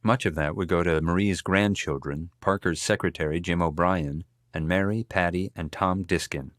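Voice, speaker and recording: A man narrating a biography audiobook in a measured, steady storytelling manner, recorded close in a studio. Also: low-pitched, no room sound. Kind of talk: scripted narration.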